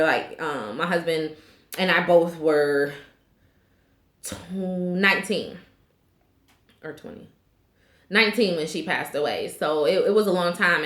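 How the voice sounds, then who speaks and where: A woman's voice: medium pitch, fairly bright tone. A woman in her thirties recapping a reality show in a chatty, opinionated way, full of fillers. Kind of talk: casual recap vlog. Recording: echoey room.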